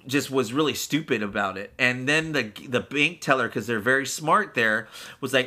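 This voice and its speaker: A man's voice: medium pitch, moderate pace, bright, forceful tone. A man co-hosting a casual podcast, telling a personal story in a rambling, candid way with fillers and swearing, acting out what other people said. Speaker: podcast co-host.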